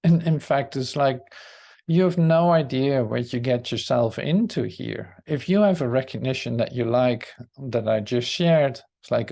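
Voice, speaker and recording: Male group leader, reflective scripture talk, unhurried and searching, low dark tone. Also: creaky. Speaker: spiritual study group leader.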